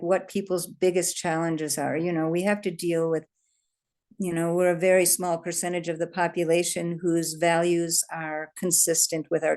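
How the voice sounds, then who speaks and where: A woman's voice: on the low side, a little mellow. A woman leading a workshop, telling personal stories in an earnest, conversational way with occasional laughs. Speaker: workshop leader. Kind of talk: storytelling workshop talk.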